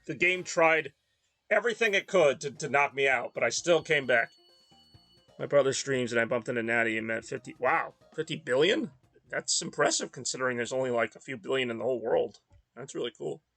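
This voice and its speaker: A man's voice: mid-range voice, expressive, fairly quick, bright, forceful tone, no room sound, faint music behind. A man from the Northeast US, tired and rambling in casual chat while streaming a racing game. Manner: rambling, self-deprecating, mumbly asides.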